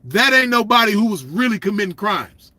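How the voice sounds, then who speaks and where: A man's voice: high-pitched, very animated, fairly quick, pushed and bright, no room sound. A man in a blunt, profane solo rant, swaggering and repeating himself. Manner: blunt, swaggering, profane, repeats "you know what I mean". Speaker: commentator. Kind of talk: ranting solo monologue.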